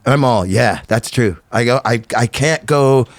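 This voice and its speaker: A man's voice: mid-range voice, moderate pace, dry recording. A middle-aged man, a guest on a podcast, telling stories in casual chat and acting out the voices of the people he quotes. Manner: animated storyteller, acts out quotes in shifting voices.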